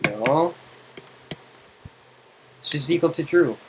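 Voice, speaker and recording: A man tutoring someone in code, impatient and teasing, explaining in quick exasperated bursts. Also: a little high, lively intonation, a little hiss or hum, low-quality recording. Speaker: coding tutor. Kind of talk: casual screen-side coding help.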